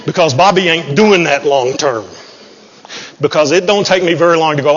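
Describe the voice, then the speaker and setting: A man preaches in a folksy, joking way, running a little high and husky. His voice rings out with a long hall reverb, and the recording is muffled. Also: normal speed. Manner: folksy, joking, self-deprecating. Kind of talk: sermon. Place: church sanctuary.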